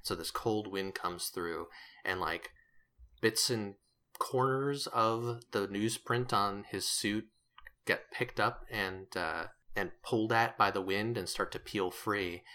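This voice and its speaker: Game master, male, low voice with a bright edge, rambling and self-correcting narration. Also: slow.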